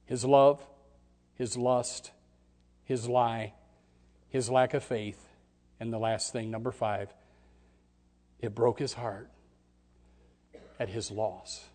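Brief: male pastor, mid-pitched, impassioned sermon delivery with sharp shifts in volume. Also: steady tone, slow, pauses often. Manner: dramatic, swings from hushed to shouting, acts out voices.

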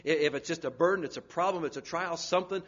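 A man preaching a sermon, swinging from loud urgent pleading down to hushed, near-whispered lines. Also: on the high side, fast talker, muffled recording.

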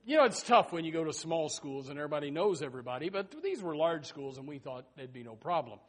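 A middle-aged male preacher delivers a sermon, wandering into a long personal story. He talks in a rambling way, full of restarts and asides, in a voice that sits a little high for a man. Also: lively intonation, fast, a bit bright.

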